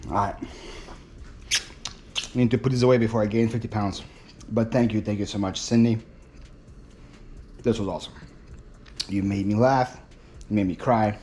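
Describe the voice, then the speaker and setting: A young man chatting excitably to camera in a casual vlog, thinking aloud as he opens mail at home. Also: lowish voice, measured pace, long pauses, slight background noise. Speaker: reselling vlogger. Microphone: phone camera.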